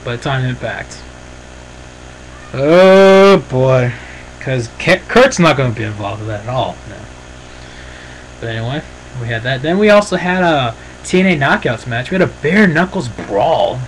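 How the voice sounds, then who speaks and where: A man's voice: medium pitch, a bit bright, slight background noise, rough recording. A man giving a casual, rambling and opinionated review, often saying "freaking". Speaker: wrestling show reviewer.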